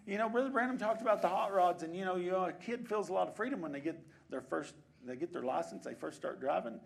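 A man, preaching a sermon as pastor of a church, shifting between quiet conversational asides and loud exhortations. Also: high-pitched, fast talker, vocal fry, hardly any pauses. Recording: congregation answering in the background. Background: congregation responding.

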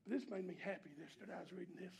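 A pastor preaching an impassioned sermon to a congregation in a church. He urges the listeners on, swinging from shouting to hushed, low passages. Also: very fast, vocal fry, husky. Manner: repeated call-and-response exhortations to the congregation.

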